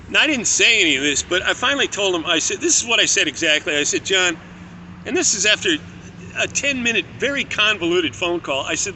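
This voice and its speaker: High, bright-voiced man telling a story. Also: expressive, brisk, a little hiss or hum. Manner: candid, profane, conversational. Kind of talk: casual spoken storytelling.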